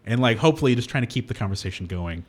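A man's voice: medium pitch, lively intonation, racing. A man co-hosting a radio show in a studio, chatting in a playful, self-mocking way. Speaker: radio co-host. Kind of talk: casual radio banter. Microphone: studio microphone.

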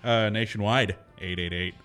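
A man's voice: lowish voice, steady tone, normal speed, a bit bright. A man hosting a casual radio show, chatty and laughing often as he rambles through a story.

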